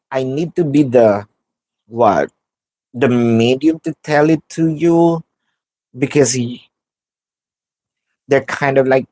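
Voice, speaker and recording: A woman's voice: a bass voice, darkish tone, rough recording. A woman doing a live tarot reading, musing aloud, naming the cards as she draws them and repeating phrases. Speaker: tarot card reader.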